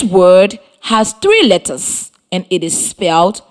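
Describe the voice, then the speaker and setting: A woman, giving a scripted radio lesson for children in slow, deliberate, encouraging instructions. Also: medium pitch, big pitch swings. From Liberia. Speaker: radio teacher.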